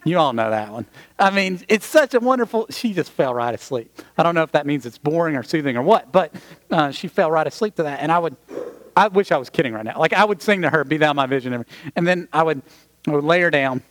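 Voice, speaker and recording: Conversational preacher man, animated. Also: on the high side, fast talker. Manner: conversational, animated storytelling with asides to the congregation. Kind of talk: sermon with personal story.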